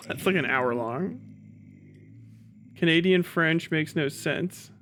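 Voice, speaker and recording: A man's voice: on the high side, slow pace, fairly bright tone, slight background noise. A man streaming live, chatting casually and ranting with heavy swearing and frequent laughs. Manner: profane, ranting, laughs often. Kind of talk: casual livestream chat.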